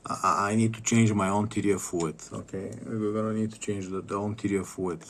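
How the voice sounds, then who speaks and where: A man chatting casually about car upkeep, rambling with halting restarts and casual swearing. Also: lowish voice, steady tone, a little hiss or hum. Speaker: streamer giving car tips. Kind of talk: casual chat.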